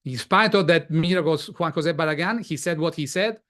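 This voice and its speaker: A man's voice: on the high side, fairly quick, a bit bright. A man from Italy with an Italian accent, speaking as an interview guest and stopping often to repeat words. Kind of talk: casual interview talk.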